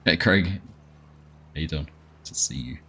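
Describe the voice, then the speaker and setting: A man's voice: extremely low pitch, unhurried, fairly bright tone, breathy edge. A man hosting a live gaming stream, chatting casually and greeting viewers by name as he plays. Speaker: gaming livestream host. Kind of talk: casual chat while playing a farming game.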